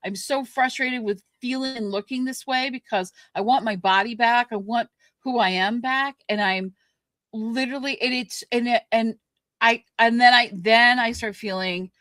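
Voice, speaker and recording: A woman co-hosting a podcast, ranting with frustration and many halting restarts. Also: a little high, a bit bright, dry recording. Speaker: podcast co-host. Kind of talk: candid podcast conversation.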